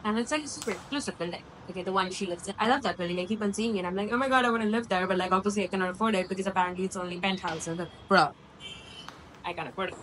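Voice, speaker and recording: A woman's voice: on the low side, very fast, a bit bright, slight background noise, poor audio. A woman of about twenty, chatting candidly and rambling to her phone camera in a casual vlog, with plenty of swearing. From India. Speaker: vlogger.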